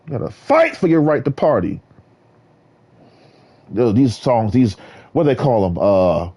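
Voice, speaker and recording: A man rambling in a solo vlog monologue, jumping between topics and bursting into sudden excited exclamations. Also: mid-range voice, unhurried, pauses often, slightly rough. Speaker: vlogger.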